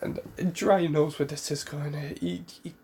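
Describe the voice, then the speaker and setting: A man's voice: a little high, steady tone, moderate pace, creaky, a little mellow, slight background noise. A man casually retelling a fan story, rambling with fillers, self-corrections and the odd cough.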